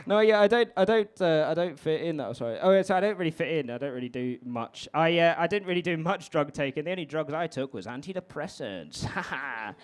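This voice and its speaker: Young man, stand-up comedian, brash and sweary, chats with the crowd, slightly high voice. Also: expressive, brisk, hardly any pauses. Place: live comedy venue with an audience.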